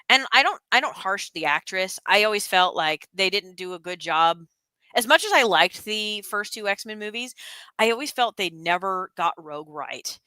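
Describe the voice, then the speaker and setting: A young woman in casual chat, rambling and animated, piling on fillers and restarts. Her voice is bright and forward, and the recording is dry and close, with no room sound. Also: medium pitch, no room sound. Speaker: stream co-host.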